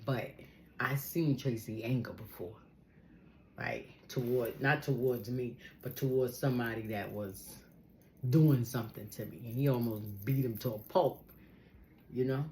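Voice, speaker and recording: A woman telling a personal story in a casual, animated way, acting out the people she quotes. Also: rumbling low, measured pace, slight background noise.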